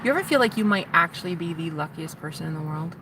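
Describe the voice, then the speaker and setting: A woman's voice: fairly low pitch, expressive, fast. A young woman rambling in a casual, confessional vlog, teary and chatty, sometimes dropping to a whisper. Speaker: vlogger. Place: in a parked car. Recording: noisy with traffic behind.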